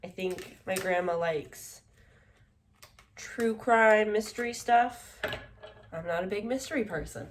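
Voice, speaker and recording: A woman's voice: medium pitch, slow, long pauses, slight background noise. A woman in her twenties chatting casually in a book vlog, rambling with lots of fillers. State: tired, yawning. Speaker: book vlogger.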